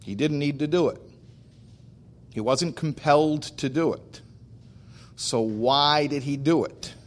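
A man speaking as a rabbi, telling stories about faith with slow, emphatic delivery. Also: a little high. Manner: animated storyteller acting out dialogue. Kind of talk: storytelling talk on faith.

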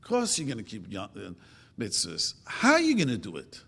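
An older man giving an informal religious talk, chatting casually and acting out quoted speech with sudden jumps in pitch. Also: huge pitch swings, fairly quick, gravelly, a bit bright. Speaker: religious teacher. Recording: long hall reverb.

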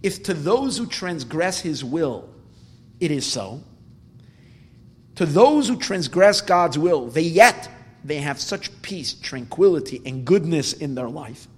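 A man's voice: on the high side, breathy edge. A man telling a Talmud story as a Torah class, quoting Hebrew lines and then explaining them in English. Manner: retells with Hebrew quotes, animated rises when emphatic. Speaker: Torah teacher. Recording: long hall reverb.

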